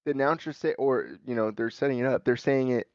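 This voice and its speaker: A man's voice: medium pitch, fast talker, darkish tone, no echo, muffled recording. A young man co-hosting a casual sports podcast, talking bluntly and sounding irritated. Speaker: podcast co-host.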